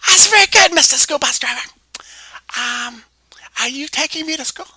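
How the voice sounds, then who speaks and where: In a comedic one-woman voice sketch, a woman fully takes on the character of a naive eight-year-old girl, chattering breathily through her story with stammered restarts and frequent half-whispers. Her voice is high-pitched, bright and pushed, with lively intonation at normal speed, and there's no echo.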